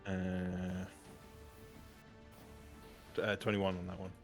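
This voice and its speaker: Deep-voiced male player, flat and slow, hesitant, clear music behind. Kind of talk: casual tabletop play.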